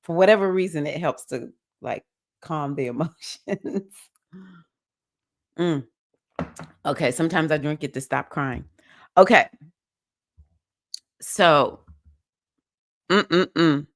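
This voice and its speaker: On her casual livestream, an astrology reader welcomes viewers individually and reads the week's astrology, chatty and full of feeling. Her low-pitched voice is slow with long pauses, and the studio sound is clean and echo-free.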